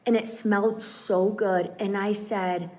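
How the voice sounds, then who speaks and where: A woman chats casually on a livestream from her home. She tells her story with energy and acts out each quoted line. Her voice sits at an ordinary middle pitch. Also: steady tone, unhurried, darkish tone. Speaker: channel host. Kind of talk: casual live-stream chat. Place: home in Mexico.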